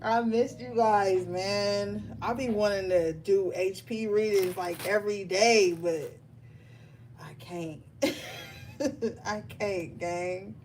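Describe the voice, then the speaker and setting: A woman's voice: mid-range voice, steady tone, slow pace, darkish tone, slight background noise. A woman tarot reader chatting casually and bluntly on a livestream, swearing and laughing often. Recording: music playing behind.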